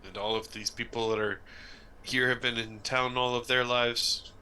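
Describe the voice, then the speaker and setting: Man with a bright, tense voice. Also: mid-range voice, little pitch movement, moderate pace, a little hiss or hum, low-quality recording. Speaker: player. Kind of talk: casual tabletop play.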